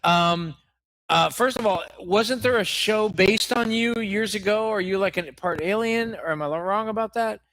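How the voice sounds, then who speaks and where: A man with a noticeably high voice, recorded dry and close, hosting a live comedy show. He asks absurd questions in a mock-serious tone and drifts into profane, rambling rants. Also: normal speed, fairly bright tone, no room sound. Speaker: comedy podcast co-host. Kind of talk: live improvised comedy interview.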